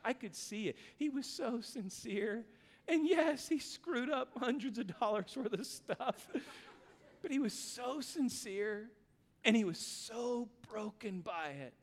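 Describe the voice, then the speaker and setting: A man preaching a sermon, telling a family story with animated delivery and acting out voices. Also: high voice, in a large hall. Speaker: pastor.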